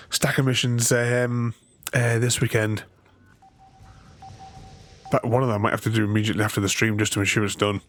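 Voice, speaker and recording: A gaming streamer with a fairly low, slightly bright voice speaks at a moderate pace with flat delivery and frequent pauses. He gives casual live-stream commentary, chatting with viewers in a rambling, chuckly way. Faint game music plays, and there's a little hiss or hum.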